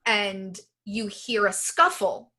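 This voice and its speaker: A woman's voice: medium pitch, slow pace. A woman narrating as game master of a tabletop game, describing scenes step by step. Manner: descriptive, steady storytelling.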